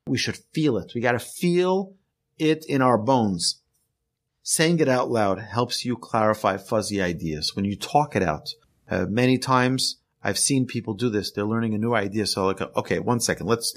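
Man, rabbi, earnest emphatic teaching, tells stories, mid pitch. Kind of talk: spoken lesson on a podcast.

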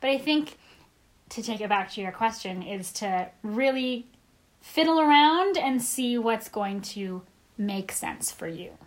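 A woman's voice: fairly high pitch, lively intonation, a little slow. A woman co-hosting a podcast in casual chat, giving encouraging advice and laughing easily. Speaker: podcast co-host.

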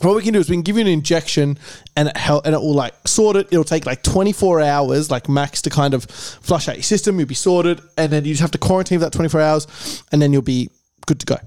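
A man's voice: fairly high pitch, fast, darkish tone, no room sound, studio quality. A man co-hosting a podcast, telling a rambling, sweary story in casual chat. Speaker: podcast co-host.

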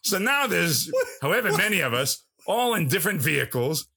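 A man's voice: high voice, sing-song, normal speed, gravelly, pushed and bright, full character voice. A man doing a crude, rambling old movie star. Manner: profane, rambling, jokey storytelling. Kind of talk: comedy podcast impression. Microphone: phone call.

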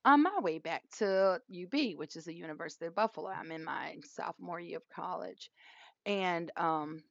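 A woman in her forties co-hosts a podcast, telling a story in casual chat, laughing as she goes and acting out both sides of the dialogue with animation. Her voice is fairly low and creaky at a normal speed. The lo-fi recording sounds dull and dry, with no echo.

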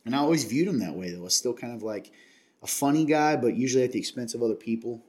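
A man's voice: mid-range voice, quick pace, darkish tone. A man from Kentucky hosting a casual chat, earnest and confiding, rambling with many restarts.

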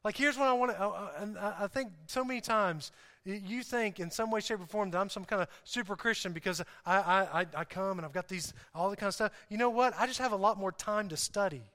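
A man preaching a sermon to a congregation in an animated, joking way, often repeating himself and restarting. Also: high-pitched, brisk. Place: church hall. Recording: hall reverb.

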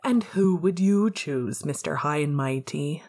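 A woman's voice: low voice, expressive, measured pace, mellow, heavily acted. A woman reading a cocky, rebellious teenage boy wizard in a podfic, brash and playful.

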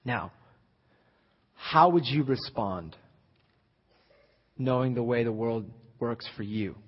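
A man preaching a sermon as a guest speaker, conversational at times and building to loud, emphatic peaks. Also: medium pitch, lively intonation, slow pace. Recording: echoey hall, slightly dull sound.

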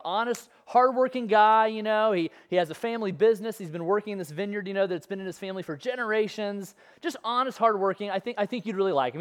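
Lively, chatty preacher telling a story. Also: medium pitch. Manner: conversational storytelling with playful asides. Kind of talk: sermon.

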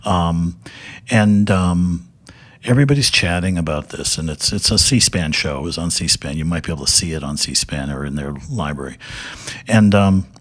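A man's voice: sits low, normal speed. An older man, a television director, telling stories as a guest in a loose, rambling way with many fillers. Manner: rambling, many fillers and restarts, laughs often. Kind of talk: casual anecdote telling.

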